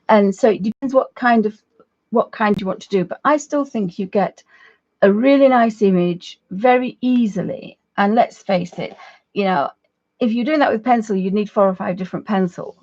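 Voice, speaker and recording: Woman, livestream art tutor, chatty and easygoing, soft husky voice, slightly dull lo-fi audio. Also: mid-range voice. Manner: chatty, friendly asides to viewers, trailing restarts. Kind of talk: casual live craft demonstration.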